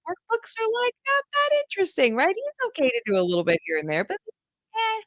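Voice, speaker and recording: A woman's voice: very high-pitched, wildly swooping pitch, fast talker, fairly bright tone, dry recording, soft background music, rough recording. A woman homeschool coach talking straight to her listeners in an enthusiastic, chatty podcast monologue, calling them "you guys.". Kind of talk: direct-to-audience podcast monologue.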